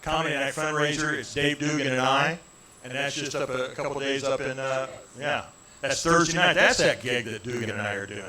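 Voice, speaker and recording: A man's voice: medium pitch, fairly even intonation, brisk, bright, forceful tone, slight background noise. A middle-aged man, a comedian chatting and telling jokes in a rambling, self-deprecating way. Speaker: comedian guest. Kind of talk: stand-up jokes and casual chat. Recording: roomy live venue with crowd.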